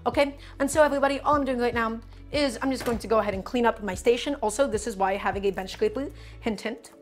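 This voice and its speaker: A woman with a slightly high voice hosts a live cooking demonstration from her home kitchen. She talks in a chatty, step-by-step way and keeps turning to her viewers as friends. Soft music plays faintly underneath. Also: fast talker. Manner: chatty, explains step by step, addresses chat as friends. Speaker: cooking streamer host.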